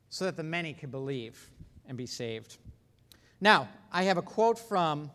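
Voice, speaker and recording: A man preaching a sermon, reading scripture and explaining it, with earnest emphasis that swings between loud stresses and hushed, low passages. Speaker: pastor. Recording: long hall reverb.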